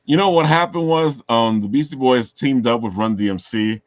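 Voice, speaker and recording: A chatty man who tells stories with animated asides and fills his talk with "you know". His voice sits at an ordinary pitch. The sound is dull and dry, with no room around it. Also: normal speed, no room sound. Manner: animated storytelling with laughs and repeated "you know". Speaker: podcast co-host or guest. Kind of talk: casual chat.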